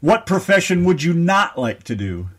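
A man co-hosting a radio interview, reading quick questions and laughing at the answers. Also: fairly high pitch, very animated. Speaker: radio co-host.

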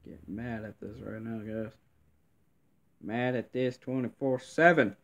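A man's voice: mid-range voice, fairly even intonation, unhurried, a bit bright. A man giving live gameplay commentary, grumbling and complaining in frustration with mild cursing throughout.

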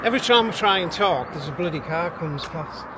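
Male vlogger with a high voice, walking and chatting by a loud road, slightly winded. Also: animated, fairly quick. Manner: chatty and self-amused, chuckling often. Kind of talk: casual walking vlog chat. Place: outdoors beside a busy road. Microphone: handheld camera, built-in mic. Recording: loud traffic noise outdoors.

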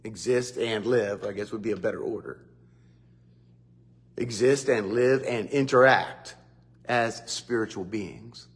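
A man giving a devotional Bible teaching, animated, who often acts out quotes. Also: on the low side, measured pace, pauses often. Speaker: preacher.

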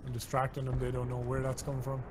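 A man's voice: medium pitch, monotone, noisy background. Joking young man making game callouts. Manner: jokey, quick-calling callouts. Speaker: streamer, teammate. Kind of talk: casual gaming chat. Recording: game gunfire loud in the mix. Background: game gunfire.

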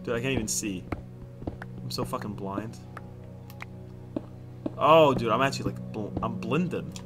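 A young man doing casual Minecraft let's play commentary, excitable and swearing often, with sudden loud outbursts. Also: medium pitch, measured pace, music in the background. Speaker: gaming YouTuber.

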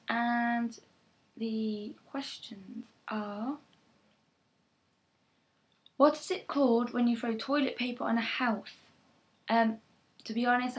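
A young English woman, a vlogger, reading a word list and answering questions, slow and careful with soft "um" pauses. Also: on the high side, low-quality recording. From England.

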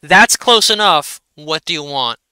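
A gruff and stern goblin chieftain woman barks at strangers, put on by a man running the game. The voice is clear and very bright, a little higher than usual, and sits dry and close with no room around it. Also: expressive, a little slow, dry recording, heavily acted, poor audio. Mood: wary. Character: gruff female goblin leader, stern and unfriendly.

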